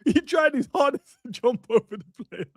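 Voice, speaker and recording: A man's voice: very high-pitched, lively intonation, no room sound, clean studio sound. A young man, joking and laughing in a casual football chat. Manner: jokey, quick to laugh, slangy. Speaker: football podcast co-host.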